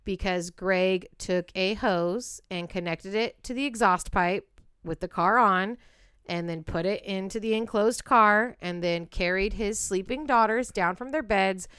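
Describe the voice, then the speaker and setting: Female podcast co-host, blunt and profane true crime storyteller, crisp tone. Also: mid-range voice, unhurried, fairly bright tone, no echo, studio quality. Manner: blunt, profane, builds to heated outbursts.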